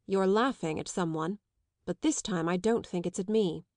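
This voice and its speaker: A woman reading the part of an eager, anxious young gentleman in an audiobook, pleading and defiant in turn. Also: on the low side, moderate pace, no echo, close to an everyday voice. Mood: earnest. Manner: pleading, defiant, slightly raised voice.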